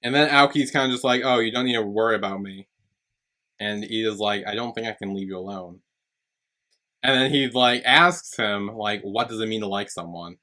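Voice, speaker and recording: A man's voice: on the low side, moderate pace, bright, forceful tone. A man co-hosting a podcast, casually retelling a TV episode and quoting the characters. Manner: retells scenes with quoted lines, many "like" and "um". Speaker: podcast co-host. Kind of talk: casual recap chat.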